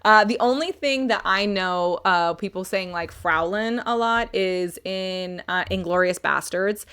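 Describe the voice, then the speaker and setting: A woman's voice: medium pitch, measured pace, a bit bright, clean tone. Chatty woman streamer, self-mocking. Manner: chatty and self-mocking, reads chat aloud. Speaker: streamer reviewing a book. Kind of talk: casual live-stream chat.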